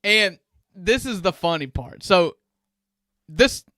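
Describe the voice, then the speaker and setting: A man, co-hosting a sports podcast and telling stories in an animated way with frequent chuckles. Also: sits high, takes it slowly, no echo, clean studio sound. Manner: animated storyteller, chuckles often. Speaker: sports show co-host. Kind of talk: casual podcast chat.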